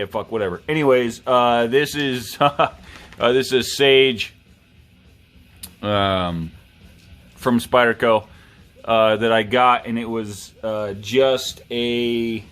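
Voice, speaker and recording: A man who has clearly had a few drinks hosts his own review video. He drawls slowly, swears constantly and cracks jokes at his own expense. Faint music plays somewhere behind him. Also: medium pitch, a bit bright. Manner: drunk, rambling, profane, self-mocking. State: tipsy. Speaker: knife review vlogger. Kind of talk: rambling casual chat.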